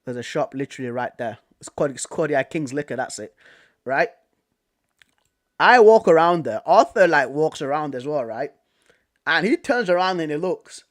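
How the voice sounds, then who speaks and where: A young British man from Manchester, a vlogger telling a story in a casual, animated way, repeating himself and using slang. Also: fairly high pitch, normal speed. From Manchester, England. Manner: animated, repetitive, slangy retelling.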